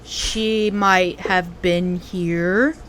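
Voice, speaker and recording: An ancient tree spirit speaks in a slow, drawn-out, ominous way, voiced by a woman. Its words come heavy and deliberate, a little lower than a normal speaking voice. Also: steady tone, fairly bright tone, slight background noise.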